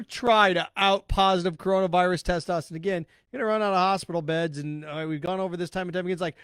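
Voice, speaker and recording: Blunt, sarcastic high-voiced man ranting. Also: steady tone, fast talker, few pauses, a bit bright, clean tone, no room sound, clean studio sound. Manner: blunt, sarcastic, mocking voices and repeating points. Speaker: sports talk podcast host. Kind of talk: opinionated solo podcast rant.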